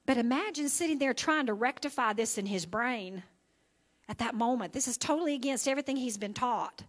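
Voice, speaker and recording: A woman pastor preaches a church sermon in a conversational way, reading scripture and then talking it through with her listeners. Her voice sits a little higher than most women's. She often pauses to check that they are following. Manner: conversational preaching with frequent "okay?" and "right?" check-ins. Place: church sanctuary.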